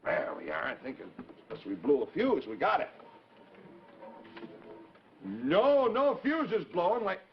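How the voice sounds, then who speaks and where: A cheerful man hosting a live children's TV show from the 1950s, chatting with the kids in the audience. His voice sits a bit high for a man. The recording is muffled like an early TV broadcast, with a faint hiss. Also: wildly swooping pitch, a little slow, long pauses. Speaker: children's TV host.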